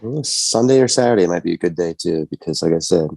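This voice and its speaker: A man's voice: low voice, lively intonation, quick pace, creaky, darkish tone, no room sound. A man co-hosting a podcast in a playful, joking manner. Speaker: podcast co-host. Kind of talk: casual podcast chat.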